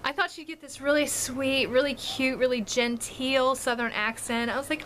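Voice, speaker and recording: Woman, 30s, from the DC area, family vlogger. Bright, slightly high voice, chatty and laughing often. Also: steady tone, normal speed, slight background noise. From Washington DC and Maryland area. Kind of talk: casual chat to camera.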